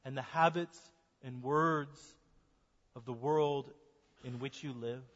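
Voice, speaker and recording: A man's voice: high-pitched, a bit bright. An American man, a pastor, preaching an earnest sermon to his congregation in a church. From United States. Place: church sanctuary. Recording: dull sound with long hall reverb.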